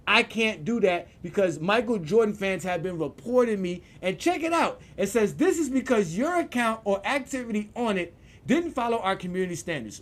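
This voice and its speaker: A man hosting his own vlog, ranting in an animated, profane way with frequent laughter and repeated words. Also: high voice. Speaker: show host.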